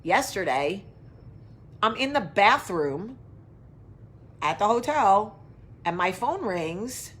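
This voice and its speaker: Speaking slowly with long pauses, this woman's husky mid-range voice is very animated. She hosts a casual live chat show for viewers, rambling from tangent to tangent, cursing freely and responding to viewer comments.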